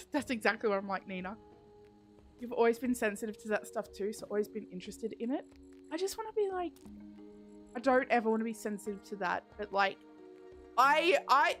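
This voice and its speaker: A woman's voice: medium pitch, a bit bright. A woman streamer chatting casually while playing a game, rambling and giggling. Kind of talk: casual chat while gaming.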